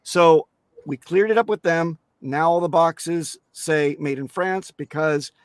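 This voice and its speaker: A man's voice: a little high, slow, smooth, no echo, studio quality. A man speaking as a guest on a crypto interview show, emphatic and blunt, swearing casually and restarting his sentences often.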